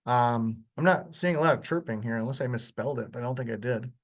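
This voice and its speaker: A male instructor talks through a live software demo. He is loose and conversational, with lots of ums and the odd chuckle. His voice sits at an ordinary middle pitch. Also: fast. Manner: casual, chatty, with short chuckles and frequent ums. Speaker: workshop instructor. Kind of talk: live software demonstration lecture.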